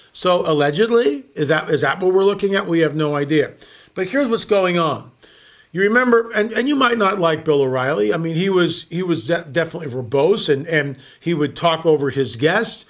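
A man's voice: high voice, fairly bright tone. A man giving an opinionated monologue as a political commentator, firing off rhetorical questions and repeating words as he builds up steam.

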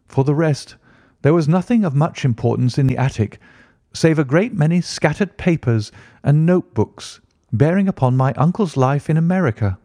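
A man reading a classic story aloud in steady, even scripted narration. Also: a little high, no room sound, studio quality. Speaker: audiobook narrator.

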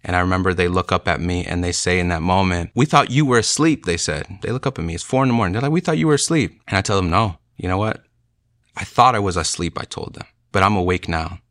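A young man with a very low, bright-edged voice tells his faith testimony in an earnest, emotional, casual way. The recording is dry and close, with no room sound around him. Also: fairly even intonation, fast, no room sound. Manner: earnest, emotional, many "like" and "you know" fillers. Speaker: speaker sharing a conversion testimony. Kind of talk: personal testimony storytelling.

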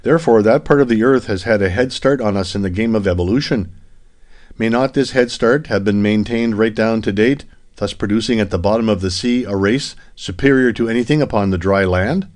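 A man reading the lines of an old male professor in a measured, lecturing way. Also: on the low side, a little mellow, lightly acted.

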